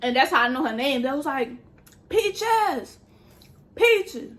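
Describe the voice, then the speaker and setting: Casual storytime vlog A woman tells her story in an animated, foul-mouthed way and keeps talking straight to her viewers. Her voice sits a little high for a woman, and she often drops into quieter, lower asides. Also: quick pace. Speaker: vlogger.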